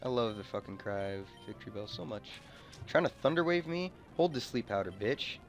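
A man's voice: on the low side, animated, a little fast, faint music behind. A man co-hosting a let's play, casually commenting on his game, blunt and swearing freely.

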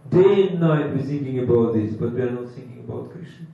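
A man's voice: mid-range voice, a little fast, vocal fry. A man giving a devotional sermon. He repeats his points with emphasis and chuckles now and then. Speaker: preacher. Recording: echoey hall, far from mic, dull lo-fi.

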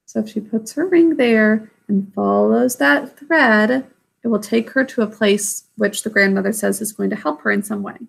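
A woman reading a children's book aloud, pausing to explain the story in plain words. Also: medium pitch, creaky. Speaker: story reader.

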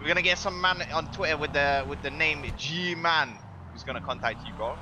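A man's voice: on the high side, normal speed, noisy background. A man playing a gang member in game role-play chat, slangy and laid-back.

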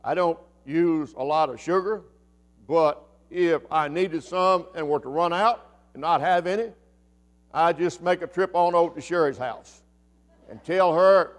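Older southern pastor preaching, highish voice, gets loud then goes real quiet telling the story. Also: male voice, measured pace. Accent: Southern American. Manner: acts out quoted voices, swings from loud emphasis to hushed storytelling. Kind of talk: sermon. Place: church sanctuary.

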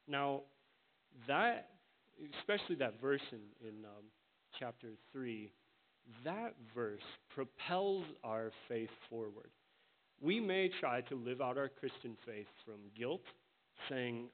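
A man preaching a sermon as pastor, earnest and emphatic, slowing down to stress the words he quotes. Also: mid-range voice, expressive. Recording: tinny phone-like sound with faint hiss.

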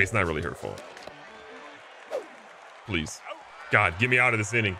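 A man giving casual, excitable gameplay commentary, joking at himself and talking to his players. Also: on the low side, moderate pace, creaky, long pauses, crowd noise, noisy background. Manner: excitable, self-mocking, talks to the players. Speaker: gaming video host.

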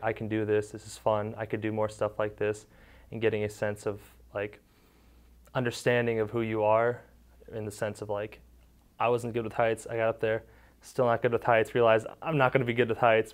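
A young man casually recalling camp memories, with lots of "like" fillers, acting out the kids' quotes. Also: fairly low pitch. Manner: relaxed storytelling, many "like" fillers, acts out kids' quotes. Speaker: interviewee, former camper and counselor. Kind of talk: casual recollection.

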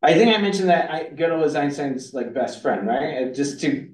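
A man's voice: a little high, animated, normal speed, darkish tone. Guy lecturing in a big roomy hall, mic far off, keeps restarting sentences and saying uh. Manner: rambling, self-interrupting, many restarts and fillers. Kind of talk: university lecture.

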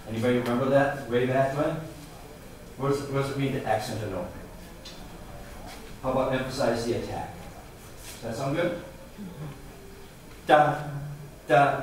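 Man, encouraging music coach, sings rhythms aloud, very roomy hall, distant mic. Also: medium pitch. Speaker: adjudicator coaching a student brass ensemble. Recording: echoey hall, voice from far off, noisy.

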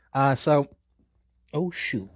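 A man's voice: medium pitch, gravelly, husky, no room sound, clean studio sound. A man casually reviewing a snack, rambling with many fillers and a little out of breath. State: a bit out of breath.

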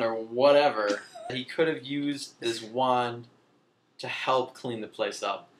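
A young man rambles through a comic retelling with a deadpan delivery, now and then jumping into brief silly voices. His voice sits at an ordinary middle pitch for a man, and his talk is loose and casual. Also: slow pace, slight background noise. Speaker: comedian recapping a film. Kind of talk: casual comedic rant.

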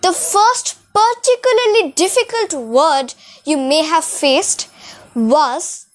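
A woman's voice: extremely high pitch, slow. A woman teaching French to beginners, speaking carefully and drawing out example words, in a room with a whiteboard. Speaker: French tutor. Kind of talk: beginner language lesson.

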